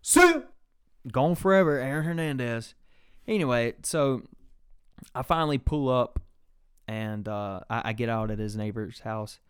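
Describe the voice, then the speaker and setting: A man's voice: mid-range voice, steady tone, measured pace, clear, resonant tone, dry recording, clean studio sound. A young man hosting a podcast, telling a rambling, profane story in casual chat. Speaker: podcast host.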